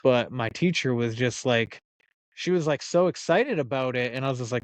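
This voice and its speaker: Chatty American host, smooth dry voice. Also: male voice, mid-range voice, moderate pace, dry recording. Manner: chatty, laughing, casual swearing. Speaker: podcast host. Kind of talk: casual podcast interview.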